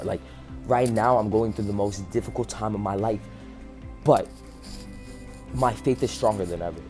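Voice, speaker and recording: A man's voice: on the low side, moderate pace, long pauses, darkish tone, faint music behind. A man giving an earnest, passionate faith talk to his viewers, close to tears and full of "like" fillers. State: near tears. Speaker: faith vlogger. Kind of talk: emotional motivational monologue.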